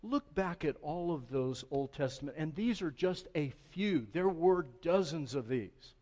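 Male pastor preaching slowly and deliberately, higher-pitched voice, long hall reverb. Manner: builds from quiet, slow phrasing to loud, impassioned preaching. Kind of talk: sermon.

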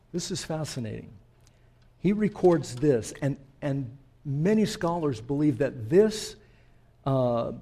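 A man preaching a sermon in an unhurried, storytelling way, speaking directly to his listeners. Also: mid-range voice, gravelly, mellow, slightly rough. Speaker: pastor.

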